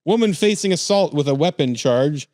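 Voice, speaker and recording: A man's voice: on the high side, lively intonation, normal speed, a little mellow, no echo, studio quality. A man hosting a comedy podcast, reading news headlines aloud and joking between them with frequent laughs. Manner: jokey, laughs often, reads headlines aloud. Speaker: podcast host. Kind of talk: casual comedic news chat.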